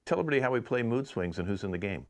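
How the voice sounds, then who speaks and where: A man's voice: mid-range voice, animated, racing. A man co-hosting a live online improv show, making wry, rambling asides over a video call. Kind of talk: joking co-host banter.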